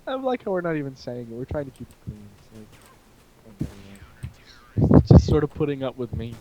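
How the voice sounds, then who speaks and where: A man with a hoarse throat co-hosting a casual chat between friends, joking, teasing and rambling. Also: medium pitch, very animated, fairly quick, muffled recording. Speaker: podcast co-host.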